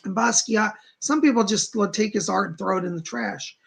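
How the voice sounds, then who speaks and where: A man's voice: high voice, normal speed, creaky, a bit bright, husky. A middle-aged man hosting a psychic live stream from home, chatting casually and reading out viewer comments. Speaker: psychic livestream host.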